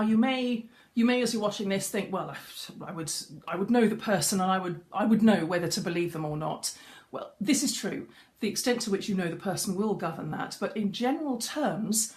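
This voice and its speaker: A middle-aged woman giving a chatty live-streamed lesson as a voice coach, greeting viewers as she goes. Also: medium pitch. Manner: chatty, greets viewers mid-talk, frequent restarts. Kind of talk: facebook live coaching talk. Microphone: webcam or phone on a live stream.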